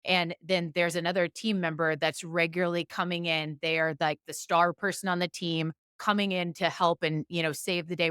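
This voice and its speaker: A woman's voice: on the low side, level tone, moderate pace, hardly any pauses, fairly bright tone, smooth, dry recording, studio quality. A woman speaking as a podcast guest, asking questions and working through examples in a thoughtful, conversational way. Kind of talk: conversational interview.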